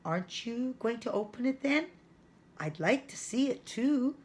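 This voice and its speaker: A woman reading aloud, voicing a gentle mother who coaxes her son. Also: a little high, animated, unhurried, pitched above the performer's own voice. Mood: coaxing.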